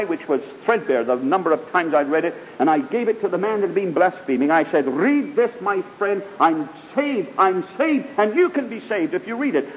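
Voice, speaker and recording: A man preaches with fervent emphasis, his slightly high voice swinging widely in pitch. The recording is dull and lo-fi, with long hall reverb and a faint rumble underneath. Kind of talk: sermon.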